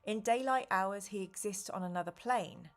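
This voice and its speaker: A woman voicing a weary, stern old male wizard who speaks calmly and in measured tones while reading a gamebook aloud. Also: medium pitch, natural voice. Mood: grave, calm.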